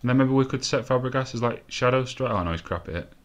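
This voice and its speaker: A young man giving casual, sweary commentary on a football management game, rambling between excited outbursts. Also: mid-range voice, quick pace, dull audio. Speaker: gaming let's-play host.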